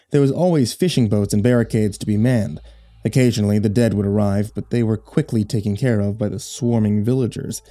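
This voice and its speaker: Low, mellow male horror narrator. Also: no room sound. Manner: measured storytelling delivery.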